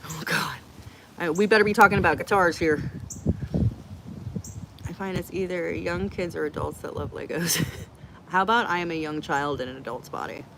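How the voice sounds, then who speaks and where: A woman's voice: lowish voice, normal speed, creaky, pauses often, noisy background. A middle-aged woman hosting a casual live Q&A, chatty, blunt and joking as she reacts to comments from her viewers. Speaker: livestream host answering chat.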